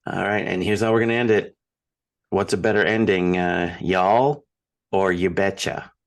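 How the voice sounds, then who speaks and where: A man's voice: sits low, steady tone, moderate pace. A man with a Minnesotan accent hosting an interview, asking playful questions in a casual way. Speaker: podcast host.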